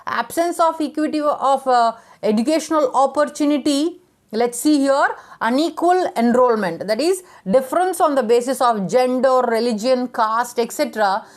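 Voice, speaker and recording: High-voiced woman lecturing through a list. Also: moderate pace. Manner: enumerating points with fillers and restarts. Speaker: teacher. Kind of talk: lecture reading out points.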